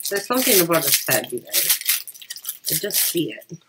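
A woman's voice: low-pitched, big pitch swings, normal speed, heavy background noise. A woman chatting casually through an unboxing while she has a cold, rambling with lots of fillers. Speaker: vlogger.

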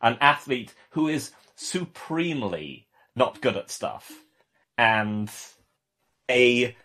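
A man co-hosting a casual podcast, rambling with wry, deadpan humor. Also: medium pitch, slow pace. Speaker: podcast co-host.

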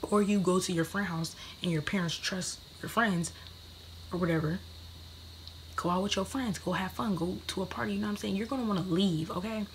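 A woman's voice: mid-range voice, a little fast, a little hiss or hum. Brash, profane young woman vlogger. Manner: brash, profane, slips into whispers. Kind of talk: casual advice vlog.

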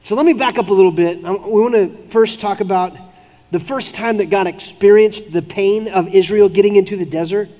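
A man's voice: high voice, brisk, warm tone. A man preaching a sermon as a pastor, in a casual, conversational way, slipping into playful voices for the people in the story. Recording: dull lo-fi audio with long hall reverb.

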